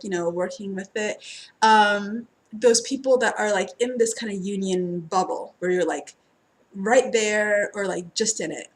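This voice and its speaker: A woman chatting casually and ramblingly as a twin flame tarot reader, with lots of fillers and frequent laughter. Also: mid-range voice. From United States. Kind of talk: casual spiritual reading introduction.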